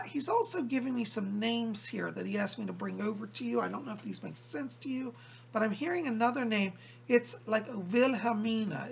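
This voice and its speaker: A man working as a psychic medium, relaying messages from a spirit to a viewer and repeating "he said" as he passes the words along in slow, drawn-out phrases. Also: high voice, creaky, a bit bright, slight background noise. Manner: keeps quoting the spirit with "he said".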